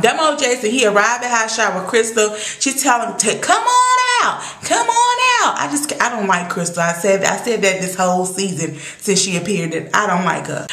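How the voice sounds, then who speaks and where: A young woman with a mid-range, fairly bright voice recaps a TV episode as a vlogger, recorded in an echoey room. Her talk is casual, sassy and opinionated, packed with exclamations.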